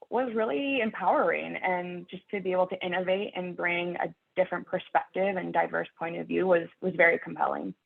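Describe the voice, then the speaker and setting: A woman engineer speaks as a panelist in a thoughtful, reflective way. Her low voice has a gravelly edge. The audio is thin and tinny, like a phone line. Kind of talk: panel discussion.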